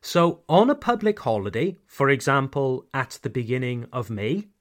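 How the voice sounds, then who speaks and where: A man hosting a podcast lesson, speaking clearly, repeating key phrases and addressing his listeners directly. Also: mid-range voice, sing-song, moderate pace. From United Kingdom. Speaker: English teacher, podcast host.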